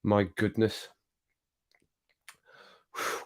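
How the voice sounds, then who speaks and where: A man with a slightly low voice hosting a relaxed evening livestream. He rambles and jokes, chatting with viewers as he reads their comments. Now and then he gets worked up before laughing it off. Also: moderate pace. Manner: rambling, jokey, easily worked up. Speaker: livestream host. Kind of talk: casual chat reading viewer comments.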